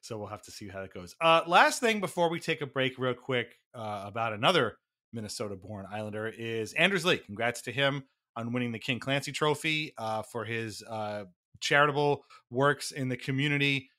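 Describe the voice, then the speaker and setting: Bright-voiced man chatting casually. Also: mid-range voice, animated, moderate pace. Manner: rambling, restarts often, laughs between thoughts. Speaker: podcast co-host. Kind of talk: casual sports podcast chat.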